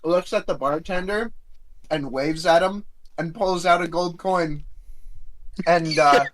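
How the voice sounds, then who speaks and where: Hesitant, slow-talking tabletop player. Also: male voice, on the high side, slight background noise, low-quality recording. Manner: hesitant, with many fillers and hums. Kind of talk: casual tabletop play.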